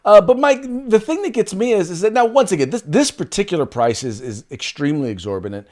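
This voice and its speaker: A man's voice: sits high, fast. A man co-hosting a casual political talk show who speaks emphatically and moves the segments along. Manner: animated, emphatic, wraps up segments. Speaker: co-host.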